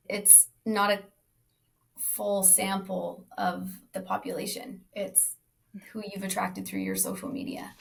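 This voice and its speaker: A woman hosting a casual podcast conversation, asking curious questions and musing, sometimes dropping her voice very low. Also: gravelly. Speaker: podcast host.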